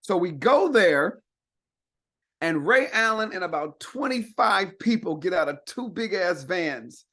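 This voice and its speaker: A man with a notably high voice tells a story in casual talk. He is animated and profane and acts out the voices of the people in his story. He speaks as a comedian guest. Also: unhurried.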